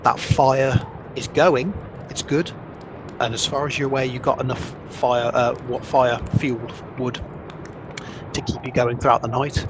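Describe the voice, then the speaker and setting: Man, game master narration, relaxed and conversational, mid pitch, noisy background. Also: measured pace. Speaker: dungeon master.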